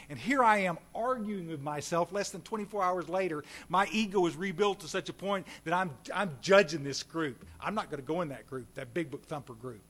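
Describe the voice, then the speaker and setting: A man's voice: on the high side, fairly quick, few pauses. Folksy man telling his recovery story. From Texas. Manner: folksy and animated, addresses audience directly. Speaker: recovery speaker. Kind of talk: recovery meeting talk.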